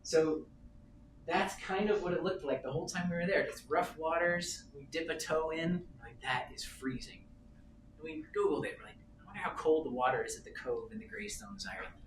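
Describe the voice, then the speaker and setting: A man in his thirties giving a talk at a sales meeting, telling a travel story in an animated, self-amused way. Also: on the high side, fairly quick. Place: meeting room. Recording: roomy, distant, noisy meeting room.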